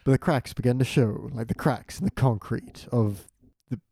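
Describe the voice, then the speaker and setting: A man's voice: medium pitch, moderate pace, creaky, background noise. A man chatting on a podcast, dropping dry, wry jokes. His voice sits in the middle range. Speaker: podcast guest. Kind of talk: casual podcast chat.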